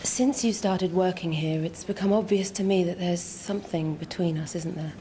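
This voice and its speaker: An actress playing a nurse in a sitcom, speaking softly and deliberately. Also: female voice, fairly low pitch, a little hiss or hum. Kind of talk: sitcom acting.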